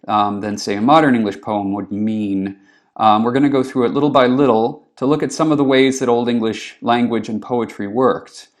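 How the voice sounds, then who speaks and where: Male lecturer, lowish voice, loose chatty classroom delivery. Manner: relaxed, frequent ums, reads Old English verse slowly. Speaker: literature lecturer.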